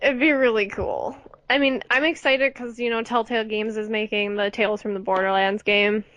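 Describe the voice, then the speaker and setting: A woman's voice: fairly high pitch, fairly even intonation, a little fast, a bit bright, no room sound, lo-fi sound. Chatty young woman podcaster, dry sound. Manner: chatty, rambling, laughs between thoughts. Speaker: podcast co-host. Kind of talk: casual gaming podcast chat.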